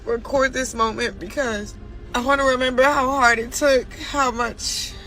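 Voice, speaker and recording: A woman's voice: high voice, fairly even intonation, measured pace, music in the background, rough recording. A young woman recording herself while crying, talking to herself in a rambling pep talk. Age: young adult. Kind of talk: self-recorded emotional vlog.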